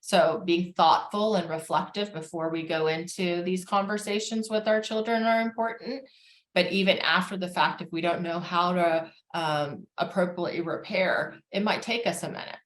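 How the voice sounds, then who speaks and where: Calm woman therapist in an echoey room. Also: lowish voice. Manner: calm, measured, frequent fillers. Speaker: family therapist giving a talk. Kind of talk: educational talk.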